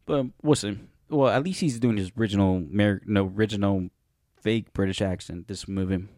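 Low-voiced man rambling about movies. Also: brisk, a little mellow, no room sound, clean studio sound. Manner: rambling, often corrects himself and loses names. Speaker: podcast co-host. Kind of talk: casual movie podcast chat.

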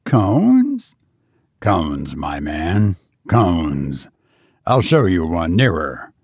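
Male narrator doing a brooding ironmaster: slow, gravelly, grimly gloating. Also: rumbling low, animated, dry recording, studio quality, pitched below the performer's own voice, heavily acted. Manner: loquacious, showing off with grim relish. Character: brooding, menacing male ironworks master.

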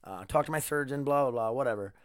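Still in pain from neck surgery and in a neck brace, this podcast host rambles on his own, joking and swearing. He talks fast at medium pitch with a clean tone, recorded in clean studio sound with no room echo.

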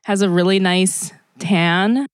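A woman's voice: medium pitch, steady tone, takes it slowly, clean tone, no room sound, clean studio sound. A woman co-hosting a comedic podcast in casual chat, playful and teasing, laughing often. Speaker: podcast co-host.

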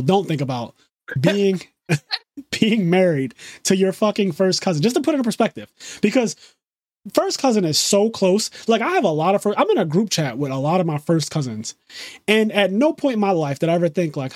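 A man co-hosting a casual chat about a TV show, animated and swearing freely as he quotes the dialogue. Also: high-pitched, dry recording, studio quality. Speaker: podcast co-host.

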